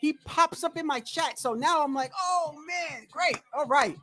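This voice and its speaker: A man's voice: extremely high pitch, unhurried, pushed and bright, a little hiss or hum. A man telling a rambling, profane story on a casual livestream about boxing. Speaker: boxing commentary streamer.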